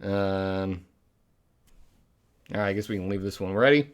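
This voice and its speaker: A man's voice: low voice, a little slow, clear, resonant tone. A man hosting a public access show, rambling through a sign-off and laughing at his own bad jokes. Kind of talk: rambling live sign-off chat.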